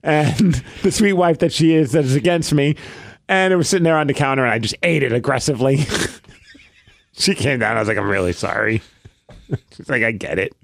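A man co-hosting a podcast, telling a casual story in an animated way, acting out the quoted lines and poking fun at himself. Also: on the high side, a little fast, no echo. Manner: animated, acts out quoted lines, self-mocking. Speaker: podcast co-host.

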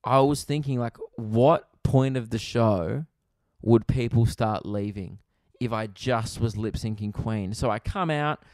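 A young man hosts his own comedy podcast, spinning a long, self-deprecating anecdote and slipping into quick quoted asides. His voice sits at an ordinary middle pitch. The recording is dry and close, with no room sound. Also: darkish tone, no echo. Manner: rambling, self-mocking, quoting others in quick asides. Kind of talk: casual storytelling monologue.

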